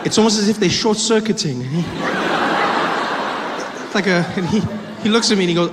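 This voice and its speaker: A man doing a stand-up comedy set, telling a story with animated delivery and acted-out voices. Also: sits high, a little fast, pauses often. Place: comedy club stage. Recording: echoey club with audience noise.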